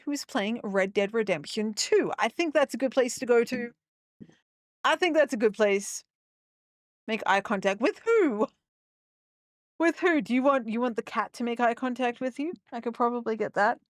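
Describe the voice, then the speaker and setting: A woman's voice: on the high side, lively intonation, normal speed, dry recording, clean studio sound. A young woman chatting casually with her viewers during a live gameplay stream, rambling and upbeat. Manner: chatty and rambling, talking to chat.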